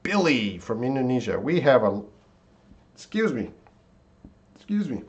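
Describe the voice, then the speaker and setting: Slow, lively-voiced male English teacher. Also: medium pitch. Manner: drawn-out word repetition, reading viewer names. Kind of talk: live-streamed English lesson.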